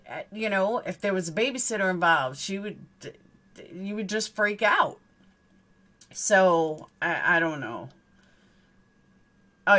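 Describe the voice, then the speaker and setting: A woman's voice: fairly low pitch, pushed and bright. A middle-aged woman hosting a live stream, talking casually and emotionally, repeating herself and greeting viewers by name. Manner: emotional, repetitive storytelling, chats with viewers. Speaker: livestream host.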